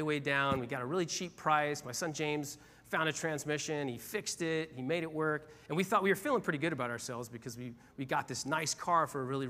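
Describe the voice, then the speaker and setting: A man's voice: on the high side, bright, forceful tone. A middle-aged man, a pastor, telling a personal story in a conversational sermon, with frequent asides to the congregation. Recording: long hall reverb.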